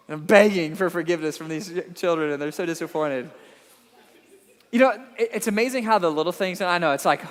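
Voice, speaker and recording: High-voiced man preaching in a hall. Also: fast. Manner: animated storytelling, self-deprecating, repeats words. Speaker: pastor. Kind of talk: sermon.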